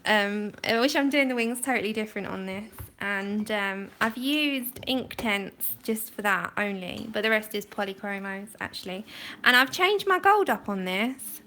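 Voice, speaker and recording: A woman's voice: medium pitch, animated, moderate pace, pushed and bright, a little hiss or hum. A woman hosting a casual colouring livestream, chatty and self-deprecating, laughing often as she talks through her work. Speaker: livestream host. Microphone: phone mic.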